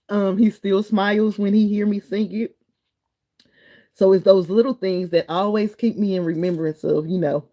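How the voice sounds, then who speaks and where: A middle-aged woman, hosting a live stream, chatting loosely with viewers and reading their comments in an encouraging way. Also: medium pitch. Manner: chatty, warm and encouraging, wanders between topics.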